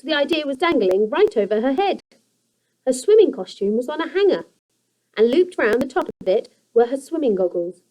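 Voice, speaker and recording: A young woman teacher reads a children's chapter book aloud to her class. Her voice sits a touch high and she keeps an even, expressive storytelling pace. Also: rough recording.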